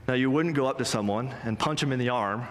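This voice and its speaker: A male pastor delivers an earnest, emphatic sermon in a mid-pitched voice. He slows down and leans into the lines he quotes. His voice rings out with the long reverb of a church sanctuary. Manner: emphatic, earnest preaching with slow stressed quotes.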